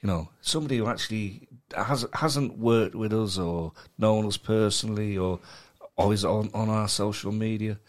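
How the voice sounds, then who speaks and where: Male co-host, lowish voice, swears freely, repeats words as he talks. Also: normal speed, hardly any pauses. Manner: sweary, stammering restarts, rambling. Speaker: podcast co-host. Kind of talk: casual chat.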